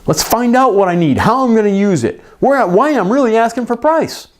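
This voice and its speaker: A middle-aged man gives a coaching talk to repair shop owners, his voice sitting a little high and swinging widely in pitch. He speaks emphatically and conversationally, tossing in quick asides. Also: expressive. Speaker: business coach for repair shops.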